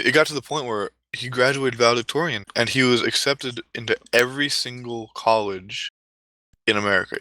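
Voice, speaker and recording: A man's voice: mid-range voice, sharp tone, dry recording, rough recording. A man telling a comic story casually, rambling with offhand asides.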